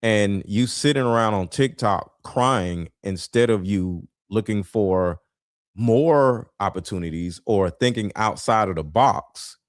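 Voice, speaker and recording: A man giving blunt, preachy reaction commentary, swearing and sometimes shouting. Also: lowish voice, slow pace, dry recording, clean studio sound. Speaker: commentary vlogger reacting to clips.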